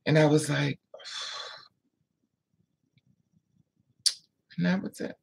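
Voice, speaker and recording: A vlogger telling a painful personal story in a candid, emotional way, sometimes dropping to a hush, and answering viewer comments aloud. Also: medium pitch, fairly even intonation, extremely slow, gravelly, slightly rough, rough recording. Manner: emotional, candid storytelling with frequent hushed asides. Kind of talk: casual story time monologue.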